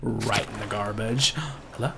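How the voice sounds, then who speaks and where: A man's voice: fairly low pitch, steady tone, measured pace, creaky, noisy background. A man playing a story game and joking through it in casual, profane, giggly commentary. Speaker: game streamer. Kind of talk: casual let's-play commentary.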